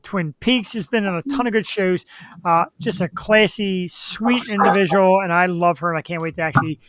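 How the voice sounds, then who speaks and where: A man's voice: sits high, moderate pace, a bit bright, no room sound. Upbeat chatty male web-show host. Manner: upbeat, chatty, reads out viewer names. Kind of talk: casual live-show chat and announcements.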